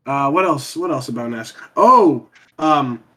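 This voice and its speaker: A man's voice: medium pitch, lively intonation, unhurried, bright, forceful tone. A man telling a long rambling story in a casual podcast chat, swearing freely and trailing off with ums.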